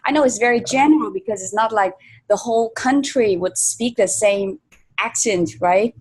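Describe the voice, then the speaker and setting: A woman's voice: fairly high pitch, moderate pace, darkish tone, slightly rough. Woman hosting an interview. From Vietnam. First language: Vietnamese. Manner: thoughtful, uses many fillers. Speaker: host. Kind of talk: interview conversation.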